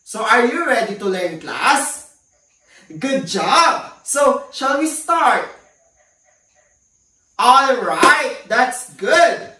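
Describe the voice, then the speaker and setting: Slow, bright-voiced woman teaching a class. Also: high-pitched, distant mic. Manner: slow, deliberate, praising pupils often. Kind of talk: classroom lesson to an unseen class. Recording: echoey room, voice set back from the mic.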